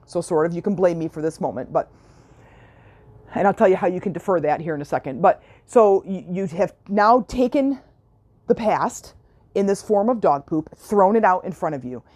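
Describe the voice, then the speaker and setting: A woman's voice: lowish voice, lively intonation, normal speed, darkish tone. A woman hosting a self-help podcast, talking in a chatty, earnest coaching style, repeating her points and often checking that the listener is following. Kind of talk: casual coaching monologue.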